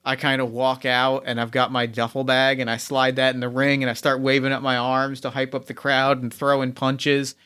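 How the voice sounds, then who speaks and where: A man's voice: mid-range voice, monotone, moderate pace, hardly any pauses, bright, forceful tone, clear, resonant tone. A man playing a tabletop game, eagerly describing his character's actions and stumbling over repeated words. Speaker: player.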